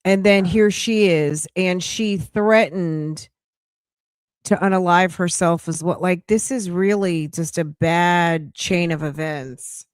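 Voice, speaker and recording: A chatty woman hosting a live commentary stream, with a lowish voice and an unhurried pace. She sounds incredulous and laughs often, recorded close on the mic in a dry room. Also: steady tone, clean tone, no room sound. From United States. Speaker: livestream commentary host.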